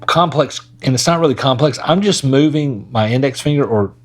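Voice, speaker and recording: A man's voice: mid-range voice, moderate pace. A man teaching a casual guitar lesson in a laid-back way, talking while he plays. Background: his own acoustic guitar playing.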